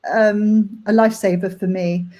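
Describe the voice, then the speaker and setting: Woman, young adult, mellow voice, candid chat, halting, emotional. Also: mid-range voice, steady tone. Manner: emotional, halting, many fillers. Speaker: nanny sharing her story.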